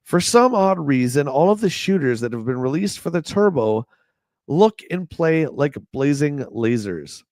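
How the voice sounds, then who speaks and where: On the high side and swinging widely in pitch, this slightly mellow man speaks at a measured pace. As a livestream host, he casually reads old magazine reviews with wry, joking asides and chats with viewers in the live chat. The sound is studio quality with no room sound.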